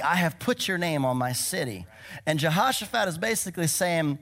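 A man's voice: on the high side, animated, moderate pace, a bit bright. A middle-aged male pastor preaching a sermon, with emphatic declarations and laughs in between.

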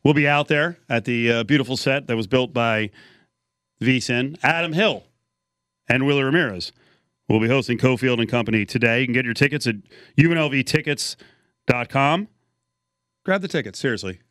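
Wry middle-aged sports radio host. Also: male voice, medium pitch, normal speed, pauses often, fairly bright tone, no room sound. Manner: wry, teasing questions. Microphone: studio microphone. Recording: dry studio sound.

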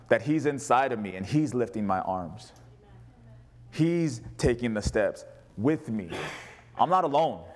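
A man preaching as pastor, passionate, moving between a raised voice and a hushed, tender delivery. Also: medium pitch. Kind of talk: sermon.

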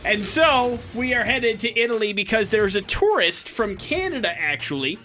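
A man's voice: high-pitched, moderate pace, soft background music. A young man hosting a morning radio show, joking with his co-host and running a call-in contest. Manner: energetic, joking, talks listeners through a contest. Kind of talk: casual radio banter.

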